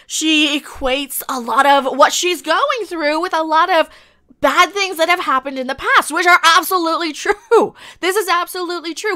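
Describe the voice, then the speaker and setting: A woman's voice: very high-pitched, sharp tone. A woman ranting angrily in a commentary video, repeating herself and swearing constantly. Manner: angry, exasperated ranting with heavy swearing and repetition. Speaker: YouTube commentator.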